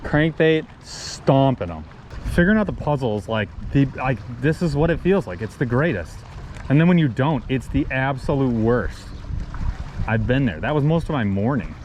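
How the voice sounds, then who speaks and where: A man hosting a fishing vlog from a boat, talking excitedly and loudly about the fish he catches. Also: mid-range voice, normal speed. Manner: exuberant, shouting and swearing mildly. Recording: wind noise on an outdoor mic.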